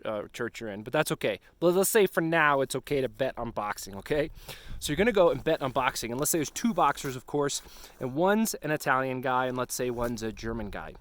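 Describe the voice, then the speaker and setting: A man's voice: medium pitch, no echo. A middle-aged man speaking outdoors on a snowy slope, earnestly urging pastors with direct questions and a preacher's push. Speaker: retreat ministry founder. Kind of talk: outdoor pep talk to pastors.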